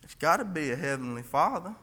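Casting: a folksy male lay preacher, earnest and halting, bright voice in a reverberant church. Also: fairly high pitch, animated. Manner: earnest, folksy, with frequent restarts and scripture reading. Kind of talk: informal church sermon.

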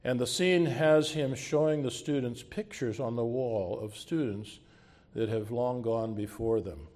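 A pastor with a mid-range, darkish voice preaches a sermon at an unhurried pace, asking the congregation rhetorical questions and closing with a spoken prayer.

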